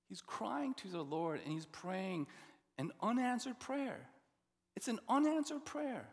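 Man, pastor, sermon, lively pitch swings, hushed emphasis, high voice. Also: unhurried. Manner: expressive preaching, dropping to a hush for emphasis. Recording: long reverb of a large hall.

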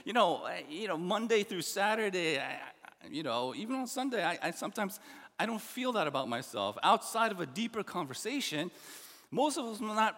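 A middle-aged man preaching a sermon as pastor, earnest and animated, with many restarts and asides. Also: high voice. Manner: animated, earnest, with frequent restarts and "you know". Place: church sanctuary. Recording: long hall reverb.

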